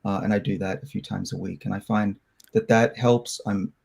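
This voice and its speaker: A middle-aged man from Australia, a scientist answering interview questions in a candid, reflective, loose and halting way. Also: fairly low pitch, fairly even intonation, vocal fry, a little mellow, breathy edge. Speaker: scientist guest.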